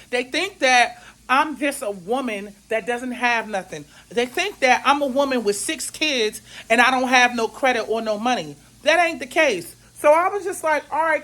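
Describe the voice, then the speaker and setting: A woman's voice: fairly high pitch, fairly bright tone, poor audio. A woman vlogger telling a story at home in her kitchen while she cooks, venting with indignation and plenty of slang. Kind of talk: casual storytime vlog while cooking.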